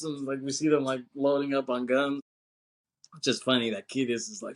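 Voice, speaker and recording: A man's voice: medium pitch, steady tone, a little fast. A man co-hosting a podcast, casually retelling a film scene with swearing, laughter and acted-out lines. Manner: rambling, profane, laughing often, acts out film lines. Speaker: podcast co-host.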